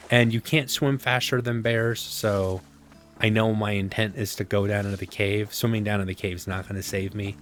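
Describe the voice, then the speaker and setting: A man's voice: on the low side, fairly even intonation, moderate pace, a little hiss or hum. A man casually commenting on his own survival gameplay, rambling to himself with sarcastic asides. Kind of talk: casual let's-play commentary.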